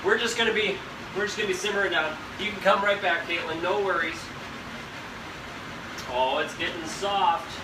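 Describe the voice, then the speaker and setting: A man's voice: sits high, fairly even intonation, moderate pace, pauses often. A young man hosting a live cooking stream from his home kitchen, chatting and rambling straight to his viewers. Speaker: host of a live cooking show. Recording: echoey kitchen with background noise. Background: fan noise.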